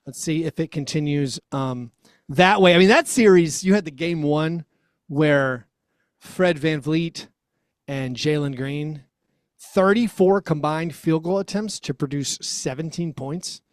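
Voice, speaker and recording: A man co-hosting a sports podcast, talking casually and telling a rambling, animated story as a parent of a young child. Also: a little high, measured pace, dry recording, clean studio sound. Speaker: podcast co-host.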